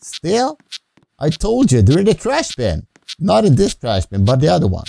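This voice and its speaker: A man's voice: fairly high pitch, huge pitch swings, moderate pace, creaky, warm tone, dry recording, clean studio sound. A man giving playful game commentary, goofing around with rhyming nonsense words. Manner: goofy, rhyming nonsense words, frequent laughs. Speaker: gameplay commentator.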